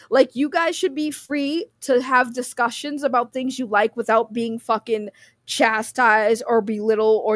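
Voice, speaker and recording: A woman's voice: fairly high pitch, dry recording. A woman hosting a livestream and reading chat, ranting in an impassioned, profane way and getting emotional, close to tears. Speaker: streamer host.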